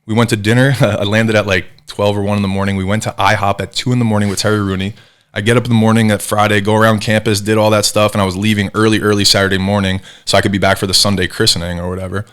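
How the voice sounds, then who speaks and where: A man in his thirties from New Jersey tells stories as a podcast guest. His voice sits very low and his words come out quick. He brings the people he quotes to life as he talks. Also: clean tone. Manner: animated, acts out quoted voices. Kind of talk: casual storytelling interview.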